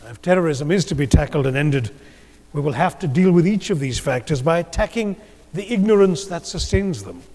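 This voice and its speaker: A man from India giving a measured, rhetorical conference speech with gentle humor in a large auditorium. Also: on the high side, animated. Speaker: keynote speaker. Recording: long hall reverb.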